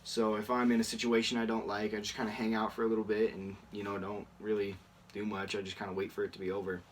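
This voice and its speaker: A teenage boy talks through a casual question-and-answer vlog in a slightly low voice. He rambles, fills gaps with lots of ums and uhs, and chuckles at his own stories. He sounds a little distant from the microphone. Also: little pitch movement, quick pace, a little hiss or hum. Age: teens. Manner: rambling, many fillers, laughs at himself. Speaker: YouTuber.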